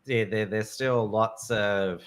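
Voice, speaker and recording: A man hosting a casual chat, speaking in a measured, hesitant way and often repeating words as he starts. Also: on the low side, fairly even intonation, smooth. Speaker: host.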